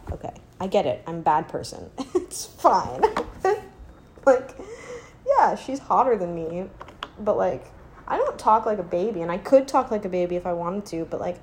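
A young woman giving a casual, sardonic opinion monologue as a podcast host. She rambles, leans heavily on "like," and slips into a mocking high baby voice when quoting others. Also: darkish tone, a little hiss or hum. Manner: sardonic, rambling, heavy use of "like".

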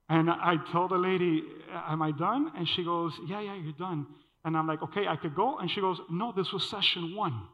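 A man preaching a sermon, telling a personal story in an animated way and acting out the dialogue. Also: high-pitched. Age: adult. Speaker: pastor. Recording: dull sound with long hall reverb.

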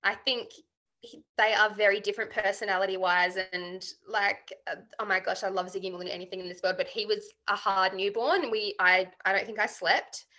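A woman's voice: mid-range voice, fairly even intonation, brisk, pushed and bright. A woman in her thirties with an Australian accent, a guest chatting candidly in an interview, with many fillers. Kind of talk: casual interview chat.

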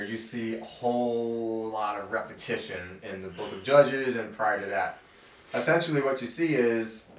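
Man, mid-pitch, conversational Bible study host, animated quote reading; distant mic, roomy sound. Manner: conversational, voices the characters' quotes with feeling. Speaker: host reading and explaining scripture. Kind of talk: casual Bible study teaching.

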